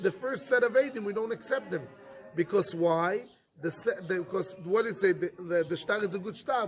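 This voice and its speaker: A rabbi with a high, fairly bright voice leads a yeshiva Talmud class. He fires rhetorical questions at the room and doubles back to repeat and restart his phrases as he works through the argument.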